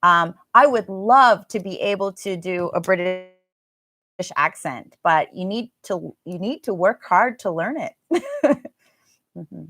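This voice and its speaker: A woman's voice: on the low side, lively intonation, slow pace, fairly bright tone, dry recording. A woman with an American accent teaching a live online pronunciation class, chatting and laughing as she answers viewer comments. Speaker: English teacher.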